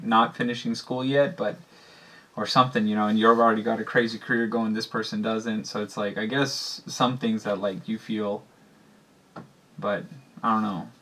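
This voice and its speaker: A young man chatting with his wife in a relaxed, halting way, with many fillers and frequent laughs. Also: lowish voice. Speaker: husband talking with his wife. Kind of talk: casual chat.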